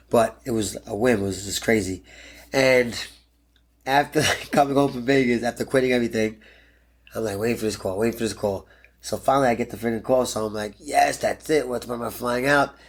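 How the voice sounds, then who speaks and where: Blunt, animated man telling a story. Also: medium pitch. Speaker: podcast guest, pro MMA fighter. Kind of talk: storytelling interview.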